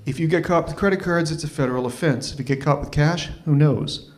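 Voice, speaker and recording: A man from Toronto, telling a story live at an open mic in a wry, animated, self-mocking way. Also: on the high side, fairly quick. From Toronto, Canada.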